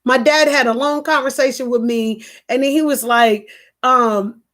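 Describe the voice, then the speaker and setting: A woman with a high voice talks to her live-stream viewers from home. She tells a personal story earnestly, repeating phrases and restarting sentences as she goes, and stops to answer comments from the chat. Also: fairly even intonation, normal speed, a bit bright. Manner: earnest, repetitive, restarts often.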